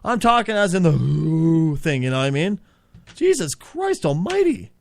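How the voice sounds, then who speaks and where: A man's voice: fairly high pitch, big pitch swings, moderate pace, creaky. A man hosting an improvised comedy show, ranting in a profane, exasperated, rambling way.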